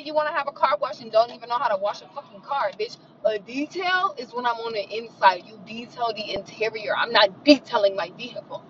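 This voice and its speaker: A woman ranting casually to the camera, profane and indignant, talking fast and animated while sitting in a car. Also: sits high, lo-fi sound, slight background noise. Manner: profane, animated and indignant, mutters affirmations softly. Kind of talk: casual venting monologue.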